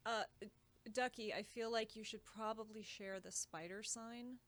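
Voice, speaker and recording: A woman's voice: a little high, fairly even intonation, unhurried, a bit bright. A woman co-hosting a podcast, chatting casually and joking. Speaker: podcast co-host. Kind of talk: casual chat.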